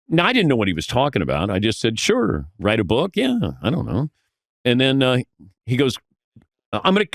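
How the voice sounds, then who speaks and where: Older male broadcaster, mid-pitch, chatty anecdote teller on a dry close mic. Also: no echo. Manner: storytelling, acts out quoted voices, self-deprecating. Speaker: sports broadcaster guest. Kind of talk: casual podcast interview.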